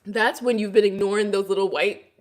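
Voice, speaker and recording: A woman's voice: mid-range voice, steady tone, brisk, echoey room. A woman from Brooklyn, New York, with a Brooklyn accent, chatting casually to livestream viewers and answering their comments with hair care advice.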